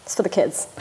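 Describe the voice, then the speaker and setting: A woman's voice: mid-range voice, noisy background. Chatty woman cooking at home. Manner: chatty, fills talk with "like" and "you know". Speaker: chef and podcast guest. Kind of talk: casual chat while cooking. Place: home kitchen.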